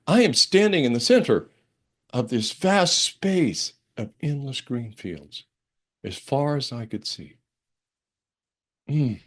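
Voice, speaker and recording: An older man preaches at a church service with a mid-range voice, neither high nor low. He tells a personal story in a relaxed, conversational way, with fillers and restarts. He swings between a quiet hush and lively excitement. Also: takes it slowly, pauses often. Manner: expressive, dramatic storytelling with big swings between hushed and excited. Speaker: minister.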